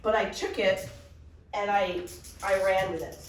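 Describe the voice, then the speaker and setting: A middle-aged woman coaching a live workshop audience, telling a story with quick, animated energy. Her voice carries the echo of the room and sits back from the mic, with a faint room hum underneath. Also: medium pitch. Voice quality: animated, fast storytelling with laughs. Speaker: mindset coach. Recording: echoey room, voice from far off.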